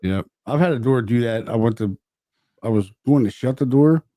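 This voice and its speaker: A man co-hosting a podcast in casual chat, a profane and animated storyteller who acts out his own reactions. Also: medium pitch, moderate pace, dry recording. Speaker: podcast co-host.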